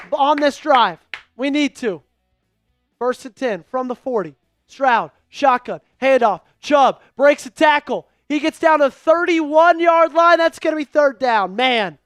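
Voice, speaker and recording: High-voiced, excitable play-by-play man. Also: no echo. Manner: hyped, pleading with viewers, shouts at big plays. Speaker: fan livestream play-by-play host. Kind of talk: excitable live play-by-play commentary.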